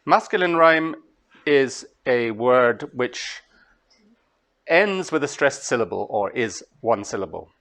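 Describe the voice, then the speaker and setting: A Scottish man giving a master class on translation, talking to students in a lively way and chanting rhythms aloud. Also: medium pitch, slow. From Scotland. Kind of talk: lecture to students. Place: lecture hall.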